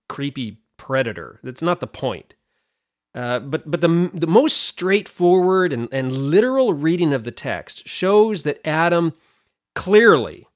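Middle-aged guy with a slightly high voice, chatty bible study podcast host, goes off on tangents. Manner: animated, chatty, digressive.

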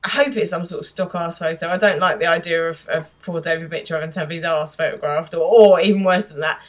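A woman co-hosting a podcast, recapping a TV episode and telling her own stories in an animated way. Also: lowish voice, fast talker. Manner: animated storytelling, laughs often. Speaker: podcast co-host. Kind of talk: casual chat recapping a TV episode.

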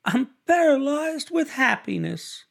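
Man doing a gushing society wife, breathless, high and lively, loud, audiobook. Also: takes it slowly, creaky, exaggerated voice. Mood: ecstatic. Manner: breathless, effusive, theatrical.

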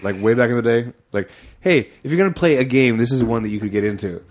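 A man's voice: mid-range voice, fast. A man co-hosting a casual podcast chat, laid-back, mostly reacting with short interjections and quips. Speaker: podcast co-host.

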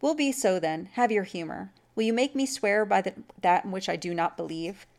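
A woman's voice: medium pitch, moderate pace, a little mellow, close to an everyday voice. A woman reading a story aloud, voicing a reluctant, impatient father about to marry. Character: impatient young-to-middle-aged father, a man.

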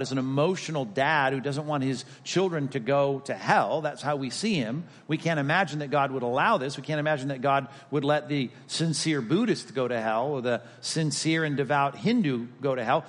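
Emphatic male Bible teacher in a reverberant hall. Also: mid-range voice. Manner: emphatic, repetitive, reasoning step by step. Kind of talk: recorded teaching lecture.

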